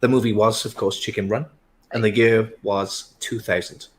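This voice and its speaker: Quiz host, man, deliberate and steady, average pitch. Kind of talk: hosting an online quiz.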